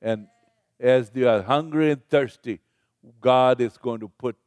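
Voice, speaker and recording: A man's voice: medium pitch, unhurried, darkish tone, clean tone. Older guy preaching, chatty sermon, asks the room stuff, dry sound, no echo. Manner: conversational, stops to ask the congregation questions.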